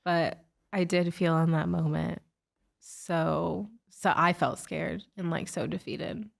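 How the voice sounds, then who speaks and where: A woman's voice: lowish voice, fairly even intonation, slow, gravelly. A woman guest recounting a painful personal story in an interview, emotional and full of "like" fillers. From United States. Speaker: guest, author and speaker.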